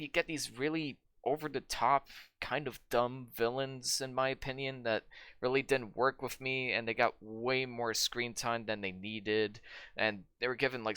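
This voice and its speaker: A man's voice: mid-range voice, sharp tone, clear, resonant tone, no room sound. A man co-hosting a film podcast, giving emphatic, opinionated takes and swearing freely in casual chat. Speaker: podcast co-host. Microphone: remote call mic.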